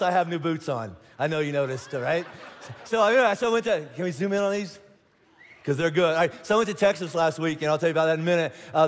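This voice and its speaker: Middle-aged pastor guy cracking jokes from the stage, high-ish voice, big echoey church hall. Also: a little hiss or hum. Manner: joking, self-mocking, lots of restarts. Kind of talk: joking sermon opening. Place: large church auditorium with long reverb.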